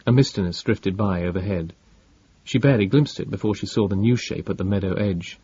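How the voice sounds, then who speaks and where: Husky, low-voiced male audiobook narrator. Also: dark tone, dry recording, muffled recording. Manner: measured, dramatic reading.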